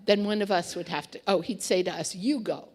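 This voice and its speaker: A woman's voice: lowish voice, steady tone, fast, a little mellow. A woman telling a memory in a casual, chatty way, with fillers and restarts, acting out quoted lines. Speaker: storyteller recalling memories. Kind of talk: casual anecdotal storytelling.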